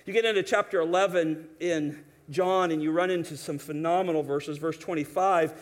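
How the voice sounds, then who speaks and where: Man, high voice, preaching, animated, acts out quotes, restarts often. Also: normal speed. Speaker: pastor. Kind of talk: sermon.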